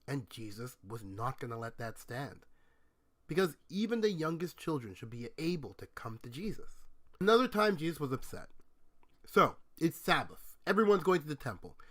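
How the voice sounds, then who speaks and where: A man's voice: a little high, a bit bright. A man teaching a conversational Bible lesson, retelling stories and explaining them step by step with rhetorical questions. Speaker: Bible speaker answering questions.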